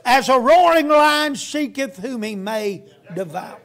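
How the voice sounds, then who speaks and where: A man's voice: extremely high pitch, lively intonation, measured pace, vocal fry, fairly bright tone. A man preaching a sermon as a guest preacher, telling a story in a folksy storytelling way.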